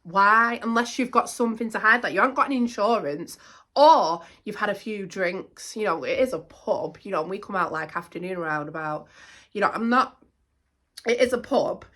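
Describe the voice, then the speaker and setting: A woman's voice: mid-range voice, normal speed. Indignant chatty woman vlogger. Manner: animated, indignant, repeats herself. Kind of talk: casual chat to camera.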